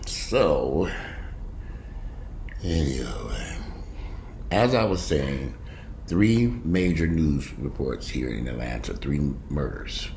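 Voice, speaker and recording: Deep-voiced, lively man vlogging. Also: slow. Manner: chatty, digressive, swears freely. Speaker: news commentary vlogger. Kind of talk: casual news commentary vlog. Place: at home. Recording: noisy home recording with dogs. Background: dogs barking and whimpering.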